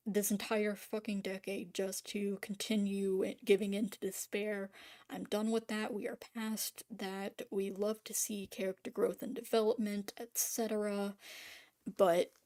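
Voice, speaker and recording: A woman's voice: medium pitch, flat delivery, a little slow, darkish tone. A woman ranting casually on camera about making art, rambling and swearing, full of restarts and trailing fillers. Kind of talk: casual spoken rant.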